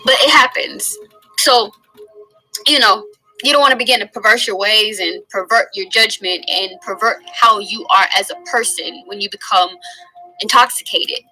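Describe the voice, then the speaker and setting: Bright-voiced woman teaching scripture. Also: mid-range voice, faint music behind, low-quality recording. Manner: earnest, conversational, drawn-out emphasis on key phrases. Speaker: Bible teacher. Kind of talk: informal Bible teaching.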